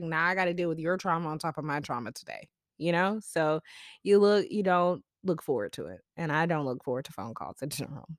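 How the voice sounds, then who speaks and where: Low-voiced woman hosting a reflective talk. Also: darkish tone, no room sound, studio quality. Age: young adult. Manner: conversational, many fillers, personal asides. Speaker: podcast host. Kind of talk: casual reflective talk on psychology.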